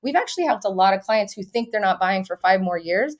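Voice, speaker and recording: A woman real estate agent hosting a casual live-stream chat, upbeat and chatty, with quick restarts. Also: mid-range voice, animated.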